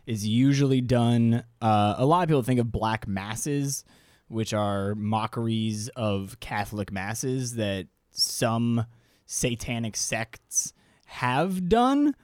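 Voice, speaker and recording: A man's voice: mid-range voice, expressive, slow pace, a little mellow, dry recording, studio quality. A man in his thirties co-hosting a podcast in casual chat, rambling and swearing, with many restarts. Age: 30s. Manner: loose, profane, rambling with restarts. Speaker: podcast co-host.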